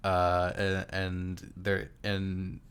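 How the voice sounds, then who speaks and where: Laid-back low-voiced man. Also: completely flat delivery, very slow, fairly bright tone, smooth. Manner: laid-back, slips into high voices to quote characters. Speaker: podcast co-host. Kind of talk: casual chat recapping a video game.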